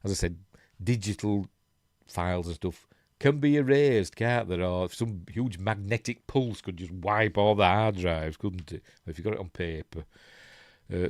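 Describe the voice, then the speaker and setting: Yorkshire bloke rambling on his live stream, low-ish voice, keeps going "isn't it?", dry close sound. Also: no echo. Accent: Yorkshire English. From Yorkshire, England. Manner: chatty, rambling, chuckles, asks rhetorical tag questions. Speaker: host of a news live stream. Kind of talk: casual live stream commentary, reading articles aloud.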